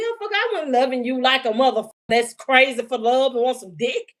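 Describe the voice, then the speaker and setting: A woman with a somewhat high voice rants through a livestream spiritual reading. She swears freely and mocks as she goes, breaking into laughter. She slows down to read each message out word by word. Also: lively intonation. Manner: profane, heated and mocking, often laughing; reads out messages slowly, word by word. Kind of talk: unscripted livestream reading and rant.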